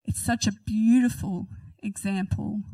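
A woman's voice: mid-range voice, steady tone, measured pace, gravelly, warm tone, no echo, distant mic, poor audio. Woman, casual Bible study, reads scripture then chats about it, dry sound, a bit off mic. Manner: chatty, giggly, reads scripture aloud then comments. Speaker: Bible teacher. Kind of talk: casual Bible reading and commentary.

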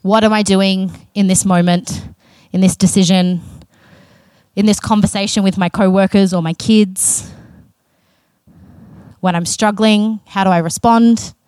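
A woman's voice: mid-range voice, steady tone, a little slow, darkish tone, dry recording. Earnest, conversational woman preaching. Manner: earnest and conversational, with self-aware asides. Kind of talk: sermon.

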